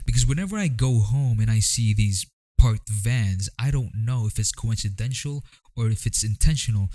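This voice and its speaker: Young guy from the philippines riffing in his vlog, lowish mellow voice, kinda wry and rambly. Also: no room sound. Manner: wry, rambling, jokey asides. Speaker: vlogger. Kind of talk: casual commentary vlog.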